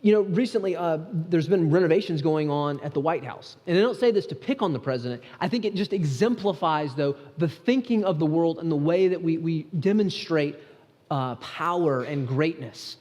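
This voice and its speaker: A man's voice: fairly high pitch, animated, normal speed, a little mellow. A male pastor preaching a sermon in an earnest, conversational way, often restarting his sentences. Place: church sanctuary. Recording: church hall with long reverb.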